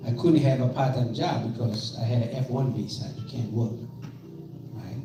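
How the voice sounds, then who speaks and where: A South African man in his fifties, a pastor giving an animated storytelling talk in a museum gallery, often checking in with the audience. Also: mid-range voice, brisk. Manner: animated, leads call-and-response, asks "right?" often. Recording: echoey gallery from far off with music.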